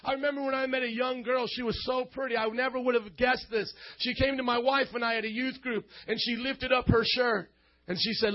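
A man preaching a sermon to a youth crowd from a stage, loudly leading call-and-response and often shouting. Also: very high-pitched, steady tone, brisk, muffled recording.

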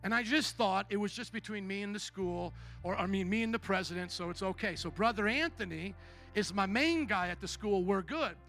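A male pastor preaching a sermon as a personal testimony, his storytelling swinging from hushed to loud. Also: sits high, a little fast, soft background music.

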